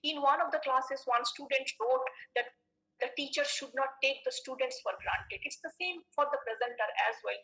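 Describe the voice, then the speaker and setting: A woman teacher talks through a lecture for her online class. Her voice sits high, bright and a little gravelly. She peppers her points with "okay" and stumbles into restarts and fillers. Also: rough recording.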